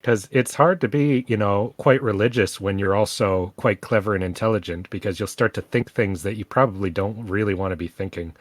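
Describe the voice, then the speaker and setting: A man co-hosting a book podcast, talking in a calm, reflective way. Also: on the low side, fairly quick, few pauses, dry recording. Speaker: podcast co-host. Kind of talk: casual book discussion and reading aloud.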